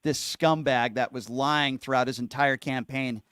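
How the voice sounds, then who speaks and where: Outspoken talk radio host, dry studio. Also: male voice, mid-range voice, fairly even intonation, moderate pace, fairly bright tone, clean tone, dry recording. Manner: heated and outspoken, stressing words. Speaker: radio call-in show host.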